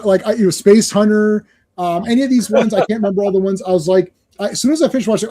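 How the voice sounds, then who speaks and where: A man's voice: high voice, fast, dark tone. A man hosting a podcast in casual chat, rambling and enthusiastic, often laughing. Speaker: podcast host.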